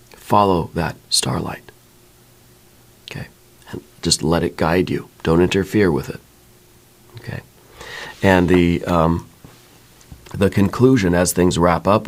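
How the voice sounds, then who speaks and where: A man giving a soft-spoken ASMR tarot reading, reassuring and unhurried, often checking in with "right?". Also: deep voice. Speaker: tarot reader.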